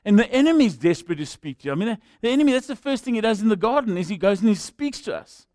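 A man preaching with a lively, rhetorical delivery and a fairly high voice. He works humorous asides into the sermon. The sound is close and dry. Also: racing, no room sound. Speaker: pastor.

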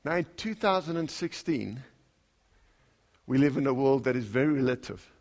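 A pastor preaching a conversational sermon. He reads scripture aloud with lively emphasis and puts questions to the congregation. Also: mid-range voice, normal speed.

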